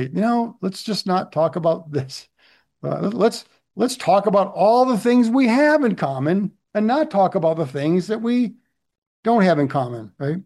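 Middle-aged male pastor, slightly higher voice, chatty sermon delivery with rhetorical asides. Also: darkish tone. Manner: conversational, frequent "right?" asides.

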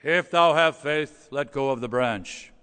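A man voicing God speaking from heaven, slow, archaic and commanding, heard in a church hall with long reverb. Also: mid-range voice, sharp tone, smooth, pitched below the performer's own voice. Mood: solemn booming. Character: booming solemn voice of God from heaven.

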